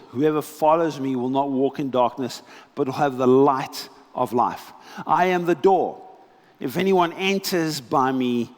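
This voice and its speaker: A man preaching a sermon as pastor, telling scripture stories with animated, dramatic delivery and pauses. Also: mid-range voice, in a large hall. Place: church hall.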